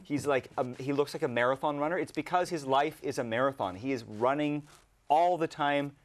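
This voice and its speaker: A man appearing as a guest on a startup webcast, talking about founders in a lively, energetic way. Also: a little high, brisk. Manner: lively, hyperactive talker. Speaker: guest investor. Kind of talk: casual interview chat.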